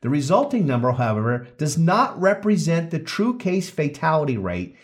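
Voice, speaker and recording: A man hosts a casual podcast, talking through a study in a loose, joking way. His pitch swings widely up and down. He often stops mid-sentence to restart or correct himself. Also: very animated, moderate pace. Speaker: podcast host.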